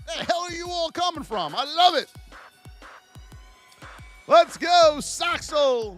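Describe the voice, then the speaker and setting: A man hosting a live trading lesson, loud and joking, calling out viewers by name as he reads off price levels. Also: very high voice, animated, slow pace, long pauses, soft background music. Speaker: trading educator and livestream host. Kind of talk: energetic live market commentary.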